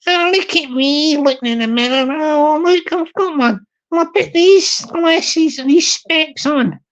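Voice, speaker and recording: A vain little Glaswegian woman, voiced by a man, coos at her reflection in a lilting, self-admiring tone. She talks higher than his own voice, a bit louder and slower, drawing out each word as she admires herself. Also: low-quality recording. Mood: preening. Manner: self-admiring, sing-song.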